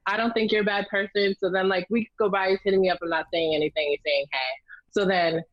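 A young woman telling a candid, profane story in a casual chat, lively and blunt. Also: mid-range voice, quick pace, no echo, lo-fi sound. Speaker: storyteller guest.

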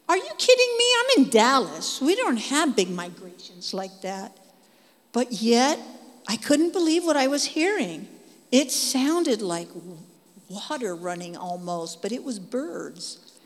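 A woman preaching a testimony sermon, telling her story in lively, animated bursts and repeating phrases for emphasis. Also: on the high side. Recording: long hall reverb.

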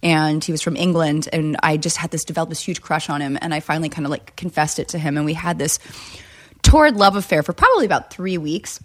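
A woman in her thirties, co-hosting a podcast, telling a story in casual chat with bursts of laughter. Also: quick pace. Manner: breaks into high laughs. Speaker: podcast co-host.

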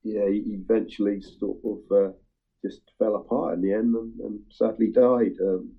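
A man chatting casually with friends about a song, talking in a halting way with lots of ums and restarts. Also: fairly low pitch, steady tone, slightly rough. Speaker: music-sharing group member. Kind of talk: casual chat. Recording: tinny phone-like line.

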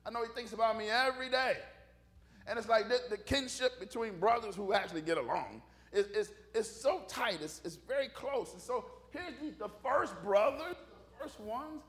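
A man preaching a casual, humorous sermon, animated and conversational, joking with the congregation. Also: sits high, moderate pace.

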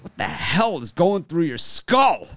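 A man's voice: on the high side, unhurried, no echo. A man hosting a casual sports betting podcast, ranting and laughing often. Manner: animated, laughs a lot, rants. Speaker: podcast host.

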